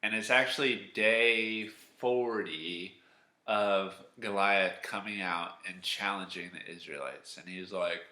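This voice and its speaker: A man with a low, bright, forceful voice tells a Bible story to children. He talks in a chatty, animated way and keeps asking the kids questions. The sound rings in a roomy, echoey space. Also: slow. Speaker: children's ministry teacher.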